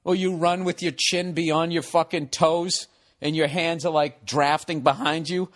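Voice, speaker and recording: A man in his forties riffs through a comedic podcast monologue, swearing freely and ranting with animated energy. His voice sits a touch higher than most men's. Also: measured pace. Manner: profane, ranting, animated storytelling. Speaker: podcast host.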